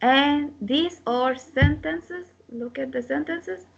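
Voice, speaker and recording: A woman's voice: high voice, slow pace, vocal fry, lo-fi sound. A woman teaching an English class, explaining step by step and repeating her instructions with many hesitations; her first language is Arabic.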